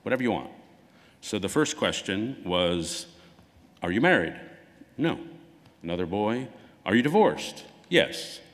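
A man's voice: on the low side, a little slow, pauses often. A man giving a conversational public talk as an author, acting out quoted dialogue as he goes. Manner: conversational, acts out quoted dialogue with lively swings. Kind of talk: public lecture. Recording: long hall reverb.

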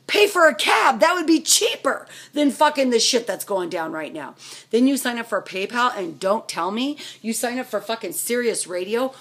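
Pissed off middle-aged woman, husky highish voice, swearing nonstop, ranting. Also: very animated, a bit bright. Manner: furious, profane, rapid-fire questions. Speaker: vlogger. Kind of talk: angry rant to camera.

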